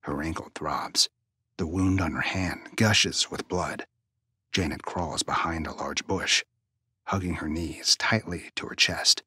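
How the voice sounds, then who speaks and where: A man narrating a suspense story in a hushed, tense manner, often dropping near a whisper. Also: sits low, unhurried, slightly rough, no echo, clean studio sound.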